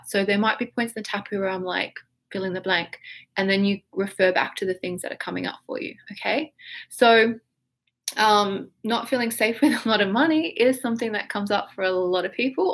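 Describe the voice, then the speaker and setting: A woman's voice: medium pitch, a bit bright. A woman coaching a guided tapping session, talking casually and breaking into exaggerated emotional phrases and breaths. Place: home setup on camera.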